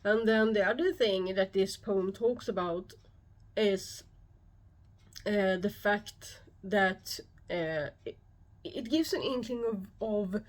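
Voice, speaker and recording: A woman speaking English with a Swedish accent hosts her own channel and explains her topic to the camera. She takes her time, calm and measured with frequent pauses, in an unhurried, slow delivery at a middle pitch. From Sweden. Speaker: YouTube host and shamanic practitioner. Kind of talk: solo explanatory talk to camera.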